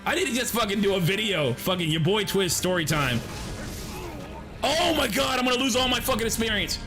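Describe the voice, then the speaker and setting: Man, high voice, gaming streamer, animated storytelling, swears a lot. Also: a little fast, music in the background. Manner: animated, profane, lots of restarts and swearing. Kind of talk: casual story-telling while playing.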